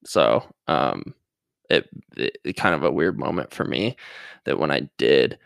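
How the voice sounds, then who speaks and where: Young man, podcast host, deep voice, lively swinging pitch, hesitant rambling, jokey, slightly nervous. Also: a little slow, gravelly, smooth, no room sound. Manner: rambling and hesitant, full of fillers and restarts; self-mocking jokey asides. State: a little nervous. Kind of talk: casual solo podcast monologue.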